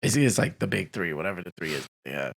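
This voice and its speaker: A young man hosting a podcast, telling animated stories in casual chat, acting out quotes and laughing often. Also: low voice, fast, gravelly. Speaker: podcast host.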